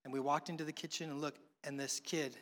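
Man, middle-aged, pastor, conversational sermon, high-pitched voice, long hall reverb. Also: level tone, quick pace, fairly bright tone. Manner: conversational preaching with humorous family anecdotes.

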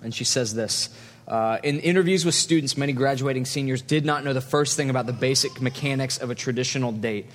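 A man's voice: medium pitch, fairly quick. A man, a pastor, preaching a conversational sermon in a church and telling stories with quoted asides. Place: church hall. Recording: long hall reverb.

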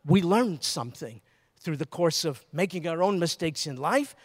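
An older man preaching a sermon, his voice pitched a little high as he talks to the congregation like a friend. He tells stories, asks rhetorical questions, and swings between lively emphasis and quiet asides. A long reverb hangs after his words. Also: moderate pace. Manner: conversational, animated storytelling with rhetorical questions. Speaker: pastor.

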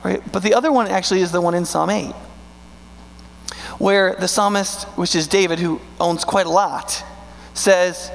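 A male pastor with a high, gravelly voice delivers a sermon, pressing points home with rhetorical questions and words drawn out for weight. His voice rings with long reverb in a large church sanctuary. A faint electrical hum sits under the recording. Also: steady tone. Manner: emphatic, rhetorical questions, slow stressed words.

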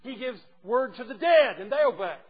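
A man preaching a sermon, emphatic and teasing, swinging from quiet asides to loud declarations. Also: extremely high pitch, expressive, moderate pace. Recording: dull lo-fi recording with faint noise.

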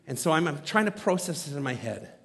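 Guy in his 30s preaching, high voice, jokey self-mocking storytelling, big echoey church hall. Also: fast talker, vocal fry. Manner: animated, self-mocking humor. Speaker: pastor. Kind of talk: storytelling sermon. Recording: long reverb from a large hall.

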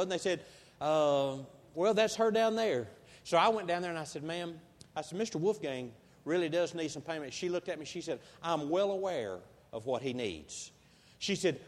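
A pastor with a high voice delivers a sermon, telling stories in a homespun, folksy manner and swelling into loud, emphatic passages to drive each point home. The sound rings through a large church hall with long reverb.

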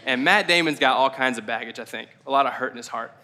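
A man preaching a casual, conversational sermon, slowing down for emphasis and adding rambling asides. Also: medium pitch, pushed and bright. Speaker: pastor. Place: church service.

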